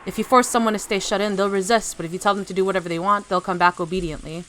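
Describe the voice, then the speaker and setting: A woman's voice: medium pitch, steady tone, racing, fairly bright tone. A woman streamer reading a visual novel aloud, giggling, correcting herself, and chatting to viewers between passages.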